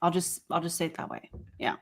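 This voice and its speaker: A woman's voice: fairly low pitch, lively intonation, fairly quick. A woman hosting a casual reaction commentary, making wry, skeptical asides and sounding concerned. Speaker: commentary host.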